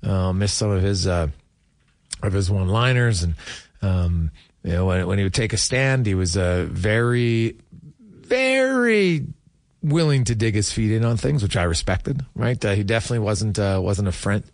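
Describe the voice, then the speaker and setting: A man's voice: fairly low pitch, a little mellow, no echo, studio quality. A middle-aged man hosting a sports radio show, talking casually and candidly with plenty of fillers and restarts.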